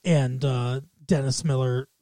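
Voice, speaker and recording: A man's voice: mid-range voice, fairly even intonation, takes it slowly, warm tone, no echo. A man co-hosting a podcast in casual chat, laughing often and rambling playfully. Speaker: podcast co-host.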